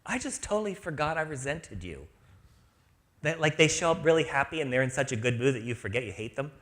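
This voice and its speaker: A man's voice: on the high side, big pitch swings, a little fast, a bit bright. Playful man giving a spiritual talk. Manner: playful, jokey, acts out little voices. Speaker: spiritual speaker. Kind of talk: inspirational talk to a live audience.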